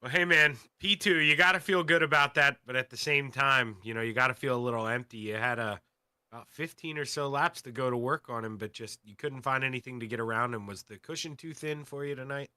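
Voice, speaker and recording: A man working as color commentator, chatting loudly and emphatically about the race and interviewing drivers. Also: mid-range voice, a little fast, clear, resonant tone, dry recording.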